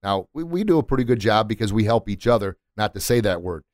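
Middle-aged male podcast host, emphatic motivational delivery, low voice, dry close studio mic. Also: very animated, fast talker, a little mellow, dry recording. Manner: emphatic, preachy, repeats words for punch. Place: recording studio.

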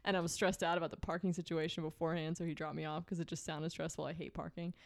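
Young woman, podcast co-host, chatty storyteller, laughs a lot, slightly low voice. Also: little pitch movement, fast talker, creaky. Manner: chatty, laughs often, many "like" fillers. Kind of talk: casual storytelling chat.

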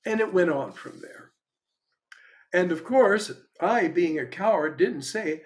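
An older man speaking as a spiritual teacher, his voice sitting a little high for a man. He teaches in a frank, conversational way and drifts easily into stories, with thoughtful pauses between phrases. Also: expressive.

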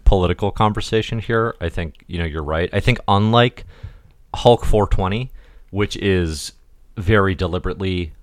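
A man's voice: sits low, moderate pace, no room sound, studio quality. A man co-hosting a podcast, thinking aloud in easygoing casual chat. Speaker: podcast co-host.

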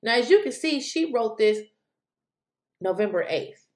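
A woman delivers political commentary with a lively, swooping voice. She sounds incredulous and raises her voice now and then. The room around her is echoey. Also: fairly high pitch, a little slow. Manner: animated, incredulous, exclaims loudly at times. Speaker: commentary vlogger.

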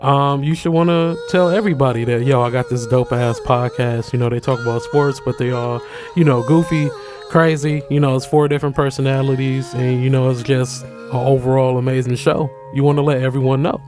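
A man's voice: medium pitch, steady tone, fairly quick, over music. A man co-hosting a podcast in a laid-back, slangy casual chat. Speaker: podcast co-host.

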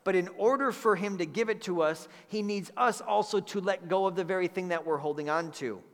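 Man, pastor, earnest conversational sermon, fairly high voice, long hall reverb. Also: a little fast. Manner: earnest, conversational preaching with repeated phrases. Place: church sanctuary.

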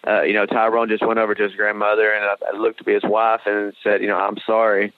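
A man's voice: on the low side, completely flat delivery, quick pace, no echo. A man co-hosting a fight podcast, talking casually in a rambling way with lots of restarts and blunt swearing. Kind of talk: casual sports talk. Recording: dry tinny phone-like sound.

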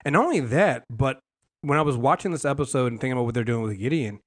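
A young adult man hosting a casual TV recap show, talking in a lively, rambling way full of fillers and restarts. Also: mid-range voice, fast talker. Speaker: podcast host.

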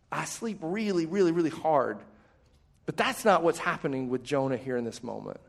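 A male pastor preaching a sermon in a conversational way, with quick asides and jokes. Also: a little high, lively intonation, gravelly.

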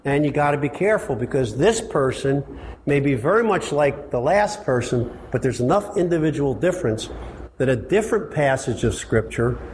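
A man's voice: medium pitch, expressive, normal speed, darkish tone, a little hiss or hum. A man teaching a church counseling workshop, asking rhetorical questions and acting out quotes with emphasis.

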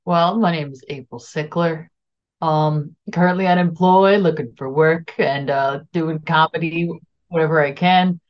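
Woman, very low voice, rambling, lo-fi video call audio. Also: fairly even intonation, a little slow. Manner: hesitant, rambling with fillers. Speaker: tabletop game player. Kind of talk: casual chat.

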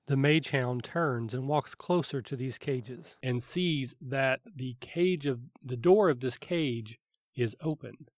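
A man's voice: mid-range voice, takes it slowly, no echo. Man narrating as game master, dry sound. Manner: vivid descriptive narration with fillers.

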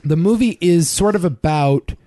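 A man's voice: a little high, lively intonation, moderate pace, warm tone, no echo, studio quality. A man co-hosting a casual film podcast, talking in an emphatic, opinionated way. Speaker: podcast co-host.

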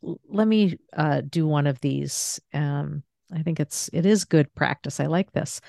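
Podcast host, female, deep and unhurried, calm and reflective delivery, dry booth sound. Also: gravelly, no echo. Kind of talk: casual faith-based conversation.

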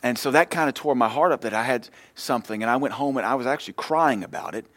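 A man's voice: fast, dry recording. Impassioned male preacher, dry sound. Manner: impassioned, preacherly storytelling that swells louder and higher. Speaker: pastor. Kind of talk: sermon.

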